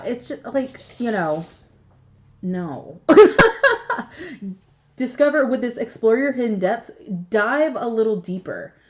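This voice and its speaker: A woman's voice: mid-range voice, a little mellow. A young woman reads tarot cards in a casual, rambling way, cursing freely and breaking into laughter. Her voice sits in a middle range. The recording is slightly dull and lo-fi. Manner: chatty, swears freely, laughs often. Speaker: tarot reader. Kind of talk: casual tarot reading vlog.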